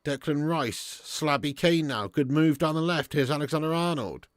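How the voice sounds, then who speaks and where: Sweary lad hosting a football watch-along. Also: male voice, a little high, moderate pace, dry recording, clean studio sound. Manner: sweary, laddish banter with frequent laughs. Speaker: live stream host.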